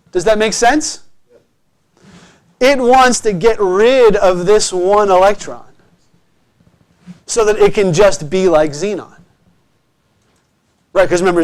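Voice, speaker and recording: A man gives a chemistry lecture in a classroom, his clean-toned voice sitting quite high. He keeps encouraging his students and frequently checks that they are following.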